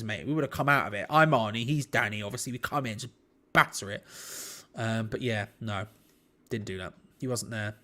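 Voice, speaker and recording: A man's voice: mid-range voice, fairly bright tone. A young man, hosting a live football watch-along with chatty, rambling commentary. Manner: chatty, rambling, self-deprecating. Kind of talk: casual live match commentary.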